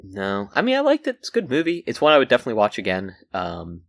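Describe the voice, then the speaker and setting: A man co-hosts a relaxed film podcast, his voice swinging up and down lively as he talks. He gropes for words, restarting his sentences and filling them with "like". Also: medium pitch, gravelly. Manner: halting, many "like"s and restarts. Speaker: podcast co-host. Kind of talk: casual film chat.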